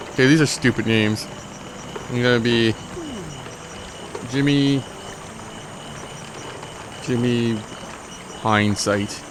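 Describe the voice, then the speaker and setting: A man's voice: mid-range voice, noisy background. A man giving rambling, joking, self-mocking commentary while he plays a game. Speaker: let's play host. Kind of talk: gameplay commentary.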